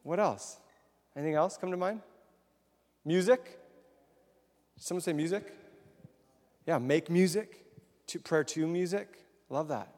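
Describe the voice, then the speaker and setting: A man's voice: a little high, a little slow, pauses often, darkish tone. A man giving a casual sermon to a congregation, chatty and questioning the audience. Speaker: preacher. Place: large hall with congregation. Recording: long echoing hall reverb.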